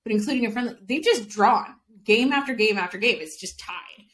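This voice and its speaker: Chatty woman podcaster, bright pitch. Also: a little fast. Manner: chatty, explains at length, laughs often. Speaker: podcast co-host. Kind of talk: casual sports chat.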